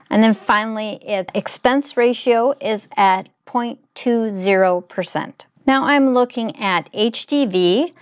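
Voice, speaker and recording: A woman hosting her own investing channel, narrating a screen-capture walkthrough in a measured, explanatory way. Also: mid-range voice, smooth, dry recording, muffled recording. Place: home desk, voice recorded on laptop.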